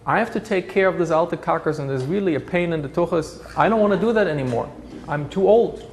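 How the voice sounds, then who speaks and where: A man doing a gruff, haggling elderly community leader. The voice sits higher than the man's own and comes out strong and emphatic. He sounds tired of his duties yet sharp in bargaining. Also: quick pace, slight background noise, natural voice. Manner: blunt, haggling.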